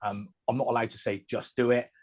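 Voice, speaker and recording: Husky-voiced West Country man. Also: mid-range voice, level tone. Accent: West Country English. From West Country, England. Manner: halting, many restarts and fillers. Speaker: guest comedian. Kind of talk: casual podcast chat.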